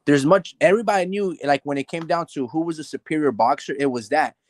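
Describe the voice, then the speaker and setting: Animated man breaking down a boxing match. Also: a little high, quick pace. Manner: animated, loose, heavy on "like" and "bro", acts out fighters' thoughts. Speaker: boxing podcast host. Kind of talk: casual boxing analysis chat.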